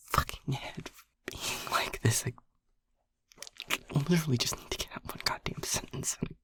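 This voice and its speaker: A man voicing a shy, anxious male air elemental in an audio role-play, stammering and hushed as he rambles. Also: medium pitch, vocal fry, husky, no echo. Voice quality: stammering, halting, repeats words.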